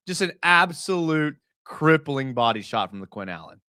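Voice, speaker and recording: A young man hosting a casual live stream. He breaks down game film in a chatty way, full of fillers, and gets excited as he talks. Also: on the high side, normal speed, clean tone, dry recording, studio quality.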